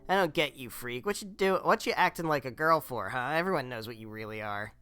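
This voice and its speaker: A man voicing a cruel village bully boy in a game, taunting and shouting. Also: medium pitch, lively intonation, fairly quick, soft background music. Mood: jeering.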